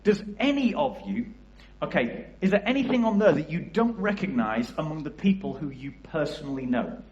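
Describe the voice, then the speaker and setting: Man, liverpool accent, church youth worker, passionate talk to the congregation, fairly high voice, echoey hall. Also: very animated, moderate pace, a little mellow, lo-fi sound. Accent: Liverpool area English. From England. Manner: passionate, asks the audience questions.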